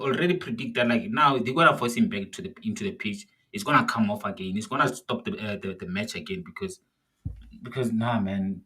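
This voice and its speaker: A man ranting casually as he watches a football match live, exasperated by the play and shouting at the players and the referee. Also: lowish voice, brisk, slightly rough. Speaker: football fan streamer. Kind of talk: live watch-along commentary.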